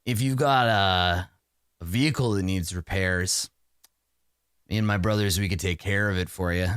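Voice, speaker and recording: A man's voice: sits low, moderate pace, a bit bright, clean tone, no room sound, studio quality, voice pushed down. A man voicing a laid-back male shopkeeper who drawls and talks like a slacker. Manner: drawling, unbothered slacker talk. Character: laid-back male shopkeeper, low and mellow, calls people dude and bro.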